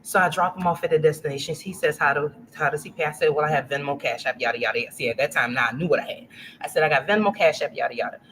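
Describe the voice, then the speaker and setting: A woman's voice: deep voice, very fast, slight background noise, poor audio. A woman in her forties from Louisiana, a guest telling a casual story and acting out the voices of the people in it. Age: 40s. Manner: animated, acts out quoted voices.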